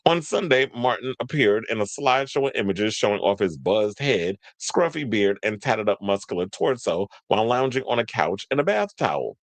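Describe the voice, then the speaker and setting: Lively, gossipy man hosting pop-culture chat. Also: fairly low pitch, normal speed, few pauses, no echo. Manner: playful, gossipy, laughs often, mock-swooning asides. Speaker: host.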